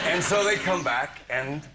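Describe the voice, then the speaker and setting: Animated older man telling stories. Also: fairly high pitch. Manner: animated storyteller, acting out scenes, laughing. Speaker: guest. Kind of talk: anecdotes on a comedy chat show. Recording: studio audience and noise. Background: studio audience.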